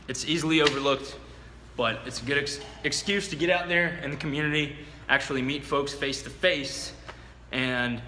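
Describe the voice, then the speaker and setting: Guy teaching door knocking, bright voice, casual with ums, echoey room, bit of hum. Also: medium pitch. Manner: casual, explaining with fillers, bursts of enthusiasm in demo. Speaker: real estate agent. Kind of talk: instructional talk with role-play demo. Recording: echoey room with long reverb, faint background hum.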